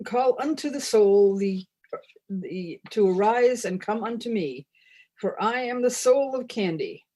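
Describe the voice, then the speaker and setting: A woman's voice: mid-range voice, darkish tone. A woman reading as a pompous chocolate goddess. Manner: mock-solemn, scriptural cadence. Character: grandiose mock-solemn chocolate goddess. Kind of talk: reading a humorous parody text aloud.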